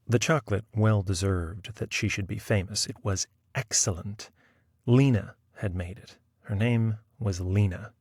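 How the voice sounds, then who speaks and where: A man reading a short story aloud in measured scripted narration. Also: fairly low pitch, animated, no echo, clean studio sound. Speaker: audiobook reader.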